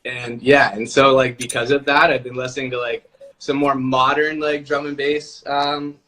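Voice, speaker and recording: A man's voice: mid-range voice, moderate pace. A man chatting casually on a live-stream video call, talking loosely with lots of filler words. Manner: relaxed, many "like" fillers. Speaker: music producer guest.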